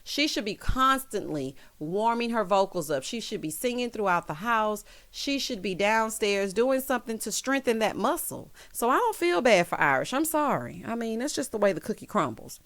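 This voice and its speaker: A woman giving a casual recap of a reality show, sassy and animated, who talks straight to the cast members as she goes. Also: medium pitch. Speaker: recap vlogger.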